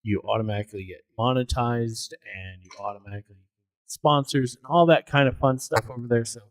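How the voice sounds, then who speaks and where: A man co-hosting a live-streamed podcast, chatting casually and giving upbeat shout-outs. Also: mid-range voice, a little fast, no echo. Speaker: podcast co-host.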